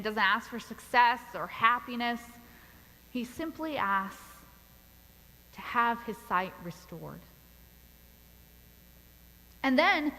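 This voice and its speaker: A woman pastor preaching a sermon in a church, telling a story in a deliberate, measured way. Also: sits high, pushed and bright, long reverb tail, rough recording. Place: church sanctuary.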